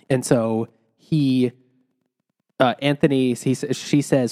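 A man's voice: medium pitch, takes it slowly. Dude summing up a novel for his buddies, doing the voices. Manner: retells the plot with animated quoted voices. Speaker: podcast co-host. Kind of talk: casual book-club chat.

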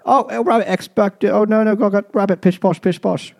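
A man's voice: high voice, fairly even intonation, brisk, gravelly, a little mellow, voice pushed up. A man voicing a flustered farmer in an overdone Cockney accent. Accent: Cockney, put on.

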